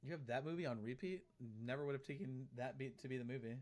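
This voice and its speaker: A man's voice: medium pitch, quick pace, a little mellow. A man streaming live, chatting casually and reading out and answering comments from his chat, often repeating himself.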